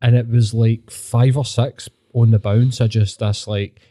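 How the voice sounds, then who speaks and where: Sweary Glaswegian man, mellow voice. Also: mid-range voice, a little slow, hardly any pauses. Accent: Glaswegian Scottish. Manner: sweary, animated, mocking. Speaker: podcast host. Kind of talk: casual chat.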